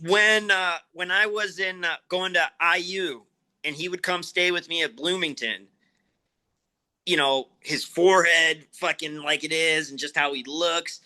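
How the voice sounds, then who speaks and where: A man's voice: on the high side, fairly even intonation, unhurried, bright, forceful tone. A man in his forties from the Chicago area, telling profane, laugh-filled stories as a guest in a casual interview. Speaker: wrestler guest.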